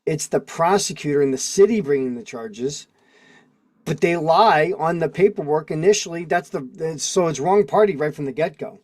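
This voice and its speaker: A man's voice: fairly high pitch, lively intonation, normal speed, darkish tone. A man hosting a casual livestream, preaching with strings of rhetorical questions and answering chat comments, heard through a video call microphone. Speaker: livestream host.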